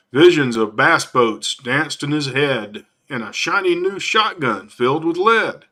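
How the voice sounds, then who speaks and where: A man's voice: medium pitch, sharp tone. A man reading a rhyming Christmas story aloud in a folksy, playful way.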